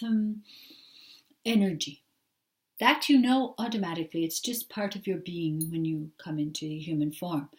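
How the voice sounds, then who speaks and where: A woman channeling a patient, genderless spirit that speaks as "we" and explains its ideas in a calm, unhurried way. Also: mid-range voice, recorded from a distance, natural voice. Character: gentle collective spirit, genderless, patient teacher. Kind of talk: trance channeling talk.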